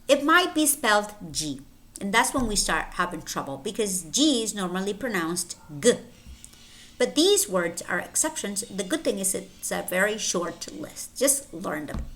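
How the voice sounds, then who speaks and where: A woman teaching English pronunciation, saying each word slowly and clearly, usually twice, then explaining the spelling. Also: medium pitch, big pitch swings, a bit bright. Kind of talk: slow, deliberate pronunciation lesson.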